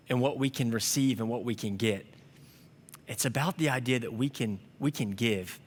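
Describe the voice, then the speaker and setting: A man's voice: mid-range voice, long reverb tail. A young man preaching a sermon, telling a story in an earnest, conversational way. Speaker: pastor.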